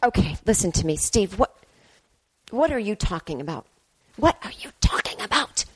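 A woman's voice: mid-range voice, big pitch swings, moderate pace, slight background noise, natural voice. A woman playing frantic melodramatic lady doctor. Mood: lecturing. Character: flustered self-important woman doctor, dramatic. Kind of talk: comedy sketch podcast. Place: home apartment.

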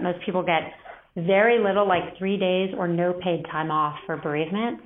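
Woman interview guest, low-ish voice, earnest and measured, thin phone-line sound. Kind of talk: candid interview talk. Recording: band-limited phone-like sound.

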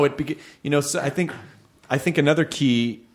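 A man hosting a casual interview podcast, talking in a quick, joking way with many restarts. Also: a little high. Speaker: podcast host.

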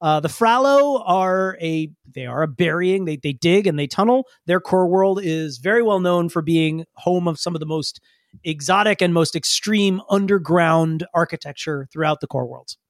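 Man as game master, high voice, dry close sound, rambling narration. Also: normal speed, no room sound. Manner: rambling, searching for words.

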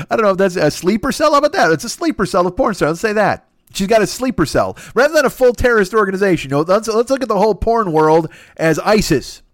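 A man hosting a podcast, telling a crude comedic story in a rambling, profane way and often mimicking other people in high voices. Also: dry recording, clean studio sound. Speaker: podcast host.

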